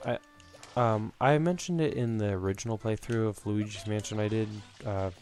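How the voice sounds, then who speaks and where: A man's voice: on the low side, normal speed, a little mellow, soft background music. A young man hosting a let's play, rambling and reminiscing through his commentary with lots of fillers, a bit out of breath.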